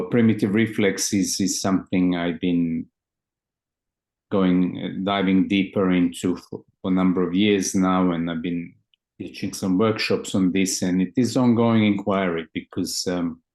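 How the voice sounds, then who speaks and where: A man speaking as a guest therapist, explaining his field in a thoughtful, halting way and often restarting his words. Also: sits low, darkish tone. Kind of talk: conversational explanation.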